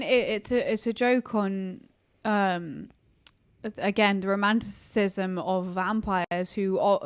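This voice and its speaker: Animated female podcast co-host, casual film chat. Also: mid-range voice, clear, resonant tone.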